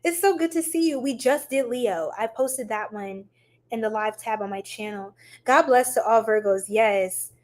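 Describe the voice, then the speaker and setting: A woman's voice: medium pitch, steady tone, measured pace, a little mellow. A woman hosting a livestream tarot reading, chatting affectionately with viewers and reading their comments aloud. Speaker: tarot reader livestream host.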